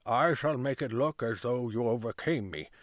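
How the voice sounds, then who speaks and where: A stern town constable, formal and clipped in every order he gives, as a man reads him out. His voice sits at an ordinary male pitch, dry and close with no room around it. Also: normal speed, no echo, natural voice. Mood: hushed.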